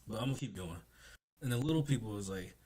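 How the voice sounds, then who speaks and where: A man's voice: fairly low pitch, animated, quick pace, a little mellow, husky. A man casually recapping a comic chapter, laughing often and swearing freely. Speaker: manga chapter reviewer.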